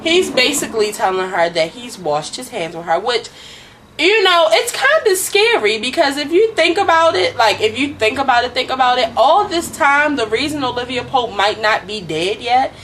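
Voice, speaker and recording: A woman's voice: sits high, lively intonation, moderate pace, fairly bright tone, slight background noise, low-quality recording. A woman casually recapping a TV drama episode with a co-host, swearing and acting out the characters' lines.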